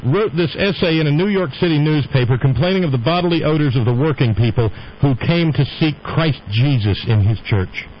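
A man's voice: fairly high pitch, a little fast, hardly any pauses, lo-fi sound. A man hosting a radio show, talking in a rambling, opinionated monologue. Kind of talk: casual on-air monologue.

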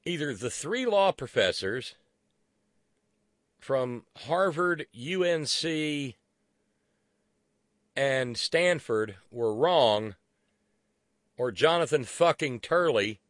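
A man's voice: medium pitch, animated, drawn-out words, long pauses, a bit bright, no room sound, clean studio sound. A man hosting a political talk radio show, sarcastic and profane, who stumbles into restarts.

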